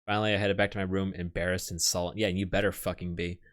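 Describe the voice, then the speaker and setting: A man's voice: low voice, little pitch movement, quick pace. A man streaming, reading a visual novel aloud with sarcastic, swearing asides.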